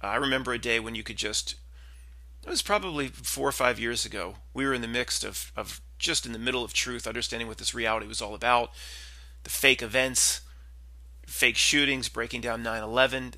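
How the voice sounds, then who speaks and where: Gravelly, bright-voiced rambling man. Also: medium pitch, fairly quick, no room sound. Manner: meandering, skeptical, full of restarts and asides. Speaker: podcast host. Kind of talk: rambling casual monologue.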